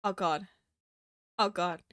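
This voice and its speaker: A woman's voice: fairly low pitch, fairly even intonation, takes it slowly, fairly bright tone, dry recording, clean studio sound. A woman from New Zealand with a Kiwi accent, chatting casually on a stream and laughing often at herself. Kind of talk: casual stream chat while drawing.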